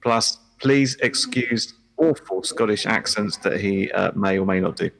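A man with a low, gravelly voice who co-hosts a casual podcast. He jokes with the others and slips into a mock-formal tone. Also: measured pace, a bit bright, a little hiss or hum, poor audio.

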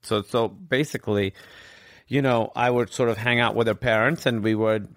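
A man guest in an interview, telling a personal story in an earnest, reflective way with halting restarts. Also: fairly low pitch, steady tone, fairly bright tone, no room sound, clean studio sound.

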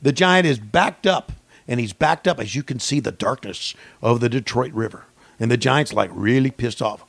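Gravelly man doing profane mock commentary. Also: normal speed, no echo. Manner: swings from low mumbling to yelled excitement. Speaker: podcast co-host.

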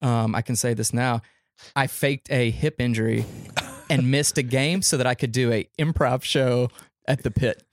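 A man spins a long, rambling story in casual podcast chat, his voice sitting mid-pitch. He keeps hopping into high squeaky impressions of other people as he goes. The mic is close and dry. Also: steady tone, normal speed, no echo. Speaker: podcast guest, comedian.

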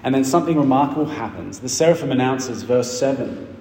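A man preaches in a church hall, and his voice rings with a long, roomy reverb. He reads scripture and explains it emphatically, holding dramatic pauses. His pitch sits at a middling level. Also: lively intonation, a little mellow, slight background noise. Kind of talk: sermon.

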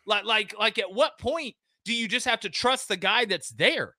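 A man as a guest sports analyst on a remote call, talking in an emphatic, folksy casual way and repeating words when excited. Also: high-pitched, normal speed, no echo. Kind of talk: animated casual podcast talk.

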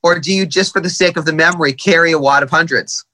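A man's voice: a little high, quick pace, bright, forceful tone. A male podcast host asking conversational, rambling interview questions.

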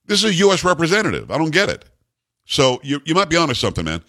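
A man from Long Island hosting a call-in radio show, blunt and opinionated and quick to disagree with callers. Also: a little high, wildly swooping pitch, a bit bright, no echo, studio quality. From Long Island, New York. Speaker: radio talk show host. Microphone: studio microphone.

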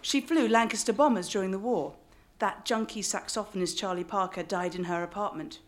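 A woman's voice: mid-range voice, fairly quick. English woman reading her memoir with wry asides. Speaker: author. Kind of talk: reading a memoir aloud to a live audience.

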